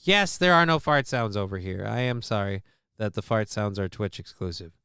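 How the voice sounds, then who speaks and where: A man's voice: lowish voice, moderate pace, sharp tone, smooth, no echo, clean studio sound. A man hosting a livestream show, chatting casually with a profane, sarcastic, rambling manner.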